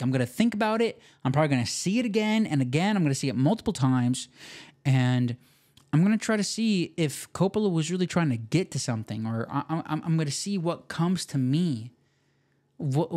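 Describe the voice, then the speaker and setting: A young man hosting a podcast, talking in an excitable, slangy way full of "like" and "dude". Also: mid-range voice. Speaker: podcast host. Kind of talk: casual podcast commentary.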